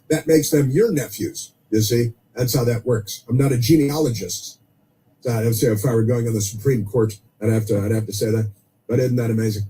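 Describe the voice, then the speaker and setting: A man's voice: mid-range voice, warm tone, rough recording. A man hosting a political talk radio show, delivering a sarcastic monologue full of scornful asides. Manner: sarcastic, scornful asides and mocking quoted voices.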